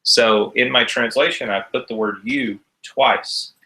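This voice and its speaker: A man's voice: medium pitch, steady tone, a little slow, bright, forceful tone, poor audio. A man teaching a recorded class, explaining each step patiently. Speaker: Hebrew teacher.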